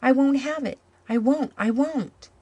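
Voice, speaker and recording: A woman's voice: on the low side, moderate pace, no echo. A woman reading a storybook, voicing a small eager boy who turns earnest and pleading. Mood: upset.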